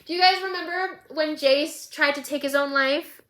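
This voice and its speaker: Woman vlogger, bright and forceful, dramatic casual recap. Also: high-pitched, moderate pace. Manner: animated, dramatic storytelling.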